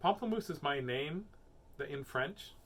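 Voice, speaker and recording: Man, playful storybook reader, bright forceful tone, slightly high voice, silly asides. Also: expressive, measured pace. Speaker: host reading children's books aloud. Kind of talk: casual chat and picture book reading.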